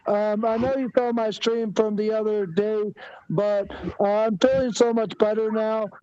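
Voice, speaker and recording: A man guesting on a casual livestream, talking haltingly with lots of filler sounds. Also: sits high, steady tone, mellow, smooth, dry recording, muffled recording. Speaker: fellow streamer guest.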